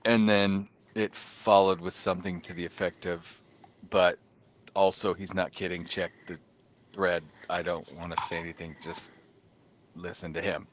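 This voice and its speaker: Low-voiced man telling a story. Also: normal speed, slight background noise. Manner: animated storytelling, acts out texts. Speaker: podcast co-host. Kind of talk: casual chat.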